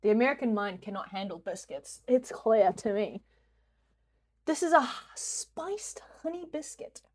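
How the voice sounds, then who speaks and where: Animated New Zealand woman streamer, higher voice. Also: measured pace. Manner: animated, swears freely, jokey mock rants. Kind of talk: casual live-stream game commentary.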